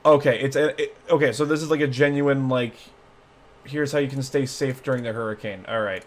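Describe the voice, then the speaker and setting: A man's voice: medium pitch, steady tone, brisk. A man vlogging a casual reaction video, rambling with many fillers and restarts. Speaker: YouTube vlogger.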